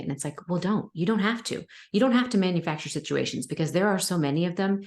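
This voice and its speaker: A woman's voice: on the low side, quick pace, hardly any pauses, darkish tone. A woman who is a parent, hosting a podcast in a chatty, casual way, laughing often and telling anecdotes with quoted dialogue. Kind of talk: casual conversational interview.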